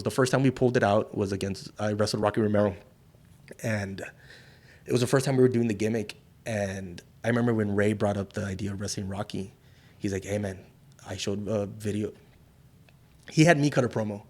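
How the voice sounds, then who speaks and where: A middle-aged man from South Texas, a wrestler guesting on an interview show, telling stories in casual, profane talk and acting out the voices of the people in them. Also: lowish voice. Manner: profane, animated, acts out quoted voices.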